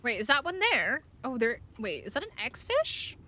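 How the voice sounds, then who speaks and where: A woman's voice: high-pitched, huge pitch swings, moderate pace, bright, forceful tone. A woman streaming a survival game, giving casual commentary and playfully chatting to creatures and viewers.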